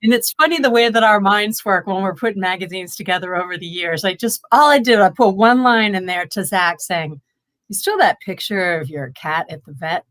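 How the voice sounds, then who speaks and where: A woman's voice: medium pitch, normal speed, a bit bright. A woman who edits a magazine, telling stories in a chatty, amused way on a casual chat show. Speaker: magazine editor-in-chief.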